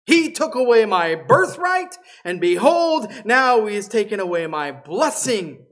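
A desperate young man cries out to his father, his voice pitched high and loud with grief, as a preacher acts him out in a sermon. He begs and pleads, and his words break into wails. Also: big pitch swings, a little slow, exaggerated voice. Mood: pleading. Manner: pleading, raised and wailing.

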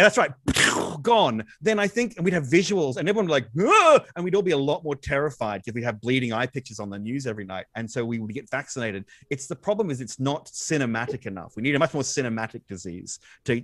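Animated fast-talking man, dry sound. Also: mid-range voice, no room sound. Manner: excitable, quick restarts and repetitions. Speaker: podcast guest. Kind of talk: animated conversational explaining.

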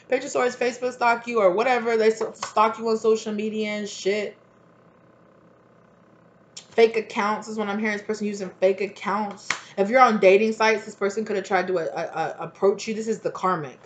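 A woman's voice: mid-range voice, steady tone, brisk, a little hiss or hum. A woman doing a casual tarot reading for her channel, chatty and blunt and full of fillers. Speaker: tarot reader.

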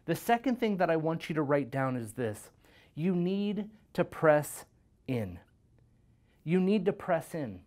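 A man's voice: on the high side, big pitch swings, a little slow, darkish tone. A man, a youth pastor, giving a devotional sermon and reading scripture in an earnest, conversational way, often checking in with "right?".

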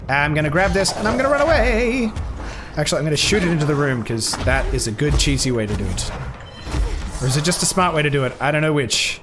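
Male let's-play streamer, excitable and jokey, swears at the game, pitched a bit high. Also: quick pace, soft background music. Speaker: gaming streamer. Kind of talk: casual let's-play commentary.

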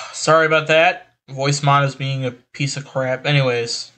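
A man's voice: mid-range voice, steady tone, unhurried, a bit bright, a little hiss or hum. A man reading an article aloud and reacting with exasperated, rambling commentary through a voice changer, sighing often. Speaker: online commentator.

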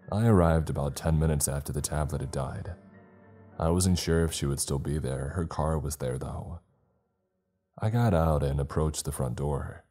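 A man's voice: a bass voice, mellow. A man narrating a scripted first-person horror story in an uneasy, rambling, confessional way.

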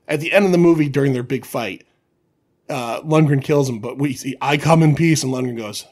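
A man's voice: medium pitch, a little fast, a little mellow, slightly rough. A man co-hosting a casual movie podcast, rambling freely and cursing as he goes. He laughs in the middle of his own stories and keeps circling back to his point. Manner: rambling, swears a lot, laughs while talking. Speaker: podcast co-host. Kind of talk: casual chat about movies.

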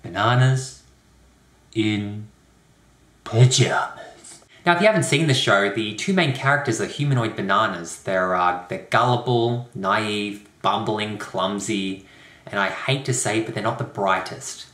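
A young man hosting a comedic rant video, talking with sarcastic, deadpan asides. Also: on the low side, moderate pace. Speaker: YouTube host. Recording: roomy echo.

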